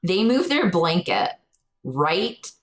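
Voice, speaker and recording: A woman's voice: fairly low pitch, sing-song, takes it slowly, low-quality recording. A young adult woman, co-hosting a podcast, telling a story animatedly and acting out quotes in a raised voice. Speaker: podcast co-host. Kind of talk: casual storytelling chat.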